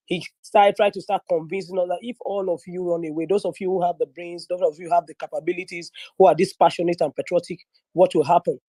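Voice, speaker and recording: Fast-talking with a low-leaning voice and a breathy edge, this guest in an online audio room animatedly tells a story, mixing in pidgin and performing the voices she quotes. She's a young northern Nigerian woman with a Nigerian English accent, picked up dry on a phone or headset.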